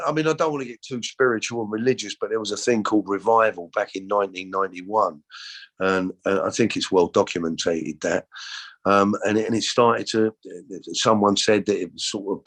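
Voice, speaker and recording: A middle-aged man speaks in a fairly low voice. He tells his own story as an earnest personal testimony. He rambles, repeats words and restarts his sentences often. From London. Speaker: show host telling his life story.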